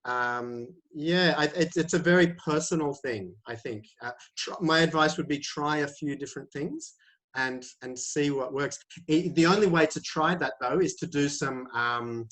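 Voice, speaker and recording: Hesitant teacher on a call. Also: male voice, fairly high pitch, moderate pace, a bit bright. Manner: hesitant, many fillers and restarts. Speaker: IELTS teacher. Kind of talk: answering questions in a webinar. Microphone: video call.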